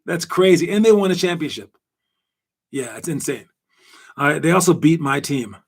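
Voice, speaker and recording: Host, male, slightly high voice, loose rambling delivery full of fillers, casual sports chat. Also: normal speed, husky. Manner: rambling, animated, lots of fillers. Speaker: podcast host.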